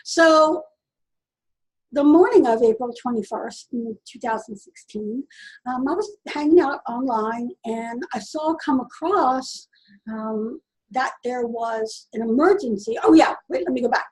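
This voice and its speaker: A woman casually telling a personal story in an earnest, halting way, often restarting her sentences. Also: a little high, rough recording. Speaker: vlogger.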